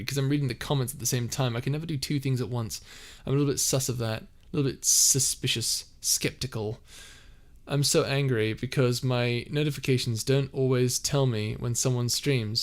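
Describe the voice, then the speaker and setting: A young man streaming from home. He reads chat aloud and answers in a rambling, easygoing way with many restarts. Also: medium pitch. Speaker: streamer and audio roleplay creator. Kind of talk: casual live-stream chat, reading comments. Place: a house, indoors.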